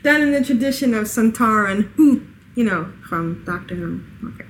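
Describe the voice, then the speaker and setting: A woman with a fairly high voice hosts a relaxed podcast and laughs easily between sentences. She talks loosely and informally into a desk microphone, and a faint hiss sits under her voice. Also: moderate pace, rough recording. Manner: giggly, laughs often between lines. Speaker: podcast host. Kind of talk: casual chat.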